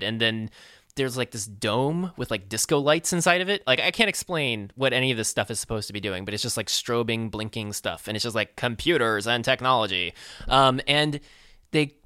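A man in casual chat, rambling and animated with lots of fillers. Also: mid-range voice, normal speed, smooth, dry recording, clean studio sound.

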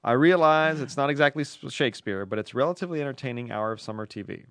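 A man's voice: mid-range voice, quick pace, no room sound, close to an everyday voice. A man putting on a chatty Southern woman. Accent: Southern US, put on. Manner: reading a letter aloud in a put-on voice.

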